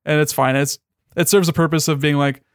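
Gravelly young man, rambling and profane. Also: a little high, steady tone, fairly quick, dry recording, clean studio sound. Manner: rambling, profane, with many restarts. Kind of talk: casual chat.

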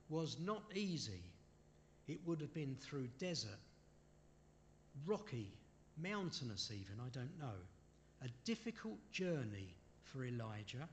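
Slow, lively-voiced male preacher. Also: mid-range voice, slight background noise. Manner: asks the listeners rhetorical questions; unhurried, with apologetic asides. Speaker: preacher leading a Bible study. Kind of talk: sermon.

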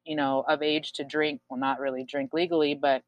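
A woman's voice: sits low, little pitch movement, fairly quick, no echo, dull audio. A woman in her twenties, telling her own story frankly in a casual chat, swearing often and using many fillers. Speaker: guest sharing her story.

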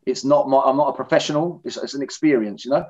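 A husky, darkish-toned man's voice of medium pitch comes through fast on a dull lo-fi recording. The middle-aged speaker, an interviewee in recovery, bluntly and candidly relates his own story in conversational testimony.

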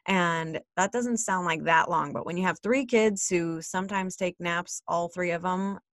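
A woman's voice: lowish voice, a little slow, no echo, clean studio sound. A woman in her thirties, a mother, telling a candid personal story in a chatty way and often checking in with "right?".

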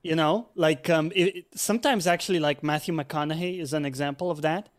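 A man joining a casual voice chat, speaking haltingly with many fillers as he works through his thoughts. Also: a little high.

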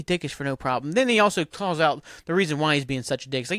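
A man's voice: fairly high pitch, animated, fast, a bit bright, no room sound, studio quality. A man hosting a podcast, recapping a TV episode in a rambling, casual way full of fillers. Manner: rambling, filler-heavy, acts out characters' lines. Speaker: podcast host.

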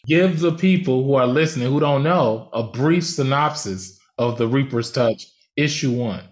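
A man's voice: medium pitch, moderate pace. Blunt, slangy male podcast host. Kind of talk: casual podcast conversation.

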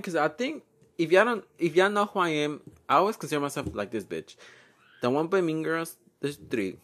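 Young male podcast host, gravelly and animated, rambling and profane, mixes in Spanish. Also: medium pitch. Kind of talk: casual solo podcast chat. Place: at home.

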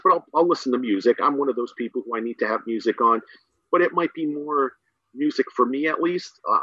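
A man's voice: medium pitch, pushed and bright, slightly rough, no room sound. A man guest, a middle school teacher and coach, rambling enthusiastically in a casual podcast conversation with many fillers. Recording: dull dry sound.

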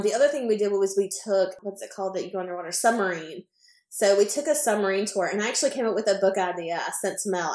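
A woman's voice: medium pitch, roomy sound. A woman podcast co-host telling a casual anecdote, rambling with lots of fillers as she acts out what people said. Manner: rambling, filler-heavy, animated retelling.

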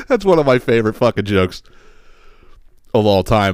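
A man's voice: mid-range voice, wildly swooping pitch, moderate pace, pauses often, no echo, clean studio sound. A man hosting a podcast, telling a joke in a rambling, profane, laughing way. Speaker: podcast host. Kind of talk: casual comedic storytelling.

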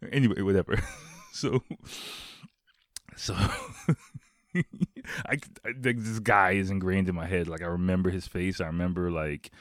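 A man's voice: low-pitched, fairly even intonation, unhurried, pauses often, no room sound, studio quality. A man casually telling a funny story, laughing often, acting out quotes and swearing freely. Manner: swears a lot.

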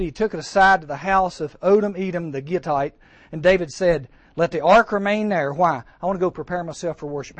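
Lively high-voiced preacher man. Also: dry recording. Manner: lively, acts out voices, jokes, rhetorical questions. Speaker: camp speaker. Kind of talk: sermon to teens.

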